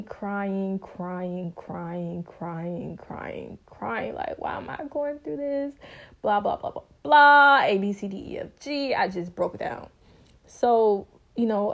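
A young woman hosting her own podcast, telling her story in a bubbly, talkative, casual way. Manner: bubbly, talkative, expressive with sudden high pitch jumps. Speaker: podcast host.

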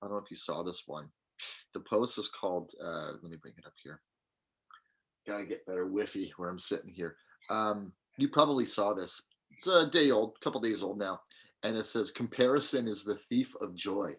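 A man co-hosting a podcast, chatting casually and reading forum posts aloud as he thinks out loud. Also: fairly low pitch, moderate pace, breathy edge. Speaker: podcast co-host. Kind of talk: casual chat.

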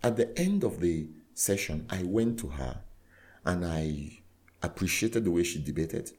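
A man, a clergyman guest, telling a story in conversation with earnest, animated retelling that acts out dialogue. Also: low-pitched, measured pace. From Nigeria.

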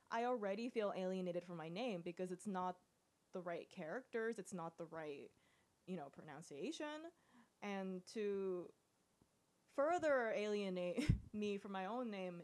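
A woman chatting casually as a podcast co-host, reflective and quick to laugh. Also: mid-range voice. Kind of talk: casual chat.

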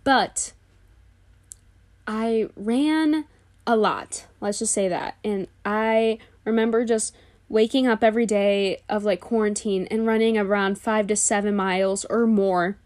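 A young woman in her own podcast, chatting openly and confessionally about herself. Her talk is loose and filler-heavy, with "like" scattered through it. Her pitch sits in an ordinary middle range for a woman. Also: steady tone, measured pace, a little mellow. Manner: candid, confessional storytelling. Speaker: podcast host. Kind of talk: casual podcast monologue.

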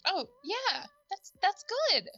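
A woman's voice: very high-pitched, big pitch swings, slow pace, sharp tone, faint music behind. A woman chatting with a friend, enthusiastic and giggly, gushing over good news. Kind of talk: casual chat between friends.

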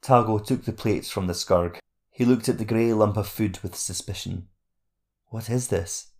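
Gravelly male storyteller. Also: lowish voice, normal speed, a little mellow. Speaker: narrator. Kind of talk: audiobook fantasy narration.

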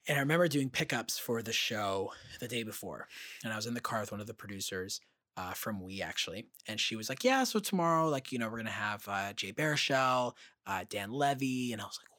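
A young man co-hosting a casual chat, telling animated stories with swearing and acted-out quotes. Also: on the low side, no room sound, studio quality. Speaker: podcast co-host.

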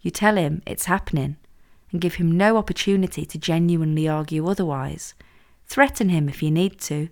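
A woman voices a scheming young woman who coaches her friend with firm, teasing confidence. The voice sits fairly low and sounds self-assured, never hesitant. It comes from a read-aloud story. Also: brisk, a little mellow. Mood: bossy.

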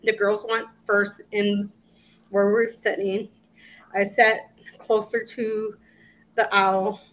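Slow-speaking middle-aged woman recounting. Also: medium pitch, little pitch movement, fairly bright tone. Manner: halting, with restarts and quoted asides. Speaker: interview guest. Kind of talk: emotional personal recollection.

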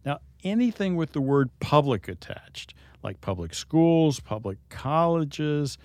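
A man's voice: fairly high pitch, sing-song, a little slow, a little mellow, no echo. Man explaining on a talk show, dry sound. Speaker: host.

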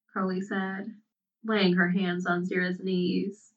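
A woman narrating a story aloud in an unhurried, soft-spoken way. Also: lowish voice, completely flat delivery. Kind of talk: storybook reading. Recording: dull, distant sound.

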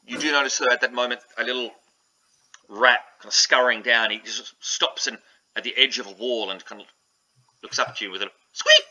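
A man narrating as game master of a tabletop game, describing scenes in an animated way. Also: medium pitch, fairly quick, low-quality recording.

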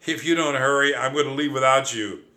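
A man voicing a brash, cocky male mouse cousin who boasts and shouts in an audiobook. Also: lowish voice, unhurried. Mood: boisterous. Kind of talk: audiobook character voice.

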